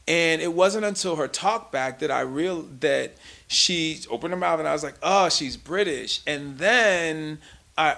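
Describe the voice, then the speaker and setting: A man from the United States talks passionately as an interview guest, pressing his points hard and restarting sentences as he goes. His voice sits a bit high and has a gravelly fry, with a bright, forceful edge. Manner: impassioned, emphatic, stumbling restarts. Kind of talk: casual interview talk.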